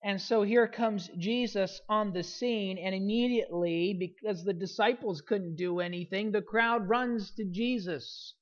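Earnest preacher, mid pitch, kinda muffled lo-fi recording. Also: a little slow, hardly any pauses. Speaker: pastor. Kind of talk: sermon.

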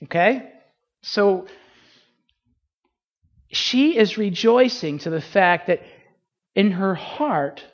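A woman preaching a sermon, asking rhetorical questions and swinging her pitch widely for emphasis. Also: takes it slowly, pauses often, muffled recording.

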